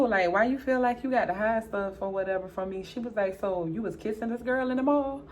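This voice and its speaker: Brief: young woman vlogger, chatty storyteller, voices both sides of a talk, jumps high for exclaims, faint room noise. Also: normal speed. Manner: animated, acts out both sides of a dialogue, jumps high for her own exclaims. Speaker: beauty vlogger. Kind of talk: casual storytelling while doing makeup.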